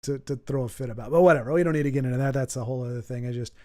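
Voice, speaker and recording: A man's voice: mid-range voice, very fast, dark tone. A man hosting a casual livestream, chatting to his viewers in a rambling, self-deprecating way with frequent stumbles and restarts. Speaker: livestream host.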